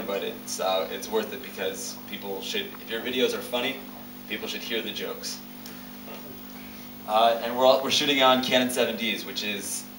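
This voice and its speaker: A young man giving a casual lecture on making web videos, talking loosely with many pauses and uh's. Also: lowish voice. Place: lecture hall. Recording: roomy, distant, noisy hall audio.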